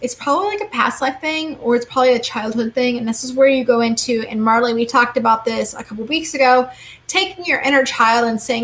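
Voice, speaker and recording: A woman's voice: on the high side, a bit bright. Chatty woman reading tarot cards. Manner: chatty, quick, full of "like" and "okay?". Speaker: tarot card reader. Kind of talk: casual live-stream chat.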